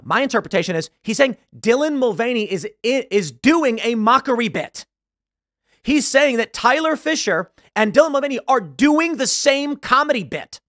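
Host, male, political commentary: emphatic and agitated, high-voiced and dry. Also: fairly bright tone, dry recording. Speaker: show host.

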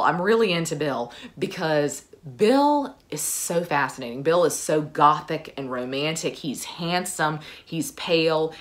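A woman vlogger chatting casually and enthusiastically about her favorites, with frequent fillers. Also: sits low. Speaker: book vlogger. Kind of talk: casual chat.

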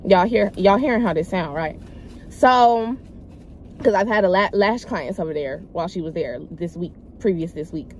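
Young woman telling a story, animated. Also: lowish voice, moderate pace, slight background noise. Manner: animated, emphatic retelling with loud acted quotes; slangy, rambling, addresses viewers as y'all. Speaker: vlogger telling a personal story. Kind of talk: casual storytime chat.

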